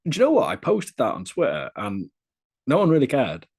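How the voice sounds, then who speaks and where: A man's voice: medium pitch, huge pitch swings, moderate pace, darkish tone, slightly rough. A young British man telling candid, crude anecdotes in a casual podcast interview. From Britain. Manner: candid, chatty storytelling with crude humour. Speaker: adult content creator being interviewed.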